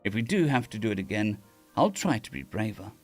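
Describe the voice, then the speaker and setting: A man's voice: lowish voice, sing-song, brisk, faint music behind. A man reading a story aloud on a live stream, with casual restarts and asides to chat.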